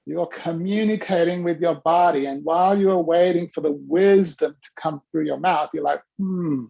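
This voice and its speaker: A woman hosting a casual video-call workshop, talking in a playful, teasing, animated way. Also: lowish voice, moderate pace, vocal fry, muffled recording. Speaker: host and coach.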